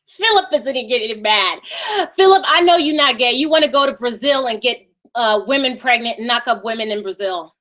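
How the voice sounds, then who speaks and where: A woman's voice: fairly high pitch, normal speed, pushed and bright. A woman hosting a live stream in a casual, sassy way, with a Valley Girl voice and mocking asides.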